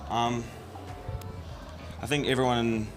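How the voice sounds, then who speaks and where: A man's voice: medium pitch, flat delivery, slow, over music. A young man being interviewed after performing with his band, answering modestly and hesitantly with lots of ums. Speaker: student band leader interviewed.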